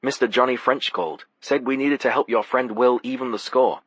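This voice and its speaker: A man's voice: medium pitch, fairly even intonation, a little fast, fairly bright tone, husky, no echo, voice pushed up. A man voicing a blunt, threatening casino heavy in an audiobook. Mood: amused. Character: menacing male casino heavy.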